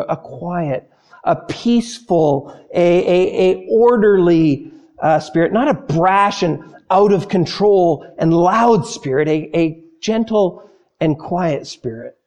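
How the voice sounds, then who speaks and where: A man preaching a sermon to women, telling stories with lively acted-out voices and slowing down softly on key phrases. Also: high-pitched. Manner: animated storyteller, acts out panicked voices; slows and softens on key phrases.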